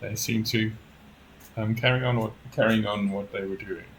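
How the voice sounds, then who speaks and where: A man narrating as game master in a tabletop game, easygoing and often laughing, with halting narration. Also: fairly low pitch, steady tone, slight background noise, low-quality recording.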